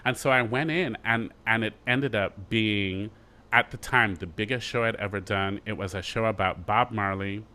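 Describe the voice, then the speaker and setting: A middle-aged Jamaican man, an actor being interviewed, telling his story in a lively way with quick asides and restarts. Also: fairly low pitch. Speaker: actor guest.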